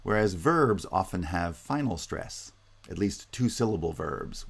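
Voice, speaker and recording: Gravelly deep-voiced male lecturer. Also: lively intonation, a little slow. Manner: explanatory, frequent "uh" fillers and restarts. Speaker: linguistics lecturer. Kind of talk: recorded online lecture.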